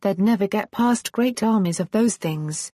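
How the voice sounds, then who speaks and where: A woman reading an arrogant, rattled dark god. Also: mid-range voice, a little slow, breathy edge, no echo, studio quality. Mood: frustrated. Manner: arrogant, pleading.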